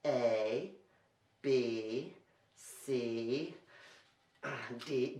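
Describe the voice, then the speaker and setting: Playful male children's entertainer, bright tone, lively pitch, echoey room. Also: unhurried. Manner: playful, talks to the kids at home. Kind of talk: comic juggling performance for kids. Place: library show recorded on video.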